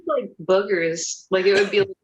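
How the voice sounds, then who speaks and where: A woman guest in casual chat, animated and quick with crude jokes. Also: mid-range voice, slightly rough. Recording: dull lo-fi call audio.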